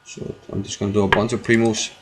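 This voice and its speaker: A man's voice: lowish voice, little pitch movement, quick pace, background noise. Man thinking aloud over chess. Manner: thinking aloud, repeating phrases, many fillers. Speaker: chess streamer. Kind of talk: live chess commentary.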